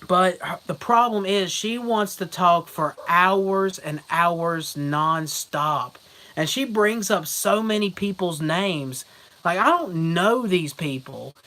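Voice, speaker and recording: Bright-voiced young man telling rambling stories. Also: sits high, low-quality recording. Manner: rambling, laughs often, breaks into loud mocking voices. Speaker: vlogger. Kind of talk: casual storytelling vlog.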